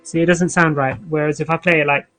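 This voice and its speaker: A man chatting casually as host of a live music stream, relaxed and full of restarts. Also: on the high side, fast, rough recording. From United Kingdom.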